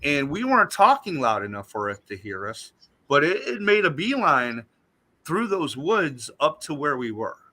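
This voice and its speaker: A man, a guest on a talk show, telling a story in an animated, emphatic way. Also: on the high side, moderate pace. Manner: animated, emphatic retelling that acts out what he said.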